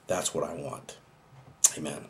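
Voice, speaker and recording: An older man with a very deep, low voice speaks earnestly and reflectively about family. His delivery is heartfelt and sincere, like an inspirational talk show host. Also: unhurried, creaky, a little hiss or hum.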